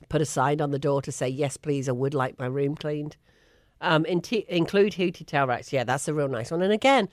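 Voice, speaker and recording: A woman's voice: rumbling low, dry recording. Chatty English woman, dry studio sound. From England. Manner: chatty and emphatic, with frequent laughs. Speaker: co-host. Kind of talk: casual chat.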